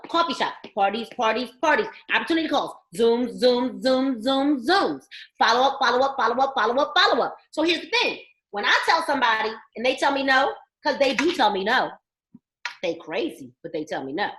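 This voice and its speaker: A woman with a high, bright voice delivers an emphatic motivational training talk, preaching and quizzing her listeners. Her voice carries a crisp edge and rings around an echoey indoor room. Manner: emphatic, preachy, asks the audience questions. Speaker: network marketing trainer.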